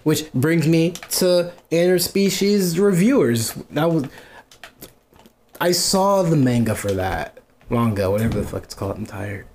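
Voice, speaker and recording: A man in casual podcast chat, an animated storyteller who acts out quoted exchanges and swears freely. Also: on the high side, a little slow, a little hiss or hum.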